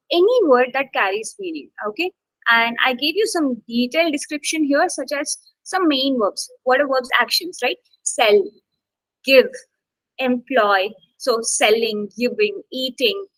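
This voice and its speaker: A high-pitched woman leads a live online exam-prep class, speaking close to the mic in a dry, unechoing sound. She keeps checking in with "okay" and "got it" and leans on key words as she explains. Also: sharp tone, no echo, poor audio. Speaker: test-prep instructor.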